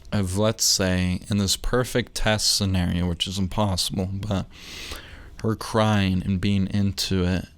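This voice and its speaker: A young man talking casually on his own podcast, rambling, losing his train of thought and joking along the way. His voice is lowish and smooth, recorded close and dry. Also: no echo. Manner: rambling, self-interrupting, jokey. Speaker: podcast host.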